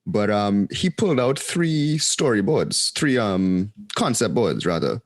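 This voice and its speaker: A man appearing as a podcast guest, telling a story in a quick, animated way with frequent ums. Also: on the low side, dry recording. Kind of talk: casual storytelling.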